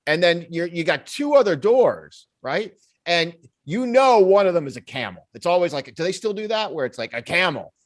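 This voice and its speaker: A man co-hosting a podcast in casual chat, his pitch swinging widely as he spins out hypotheticals. He is an animated storyteller who laughs easily and slips into the voices of the people in his stories. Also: normal speed. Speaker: podcast co-host.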